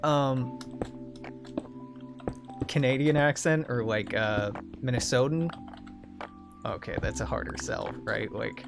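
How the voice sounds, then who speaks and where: A man's voice: medium pitch, unhurried. A young man hosting a gaming video, chatting casually in a sardonic, profane, rambling way over background music. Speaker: gaming channel host.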